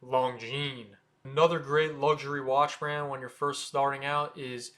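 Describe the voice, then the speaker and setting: An American man hosting a watch channel, casually explaining how to say brand names, sounding them out slowly with offhand asides. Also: mid-range voice, flat delivery, a bit bright. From United States. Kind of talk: casual explainer talking to camera.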